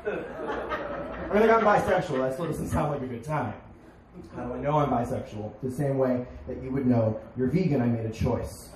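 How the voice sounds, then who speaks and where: A young man performing a stand-up comedy set on a bar stage, with deadpan punchlines and sudden shouted bits. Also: medium pitch, moderate pace, music in the background. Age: young adult. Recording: echoey bar, crowd noise, distant. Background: crowd laughing.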